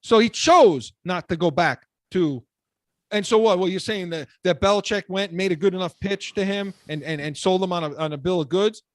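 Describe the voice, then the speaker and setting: A man's voice: high-pitched, normal speed, dry recording. A man hosting sports talk radio, ranting with heat and repeating words as he gets worked up.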